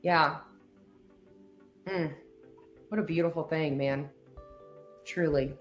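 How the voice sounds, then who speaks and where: Woman host, low-ish pitch, unhurried and heartfelt, faint music under her. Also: fairly even intonation. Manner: emotional, earnest, many fillers and trailing pauses. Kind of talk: heartfelt casual talk show chat.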